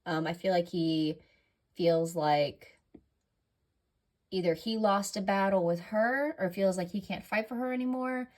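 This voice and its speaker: A woman's voice: medium pitch, measured pace. A woman running a casual tarot reading, rambling and correcting herself often, audibly breathing heavily. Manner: rambling, filler-heavy, self-correcting. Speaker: tarot reader.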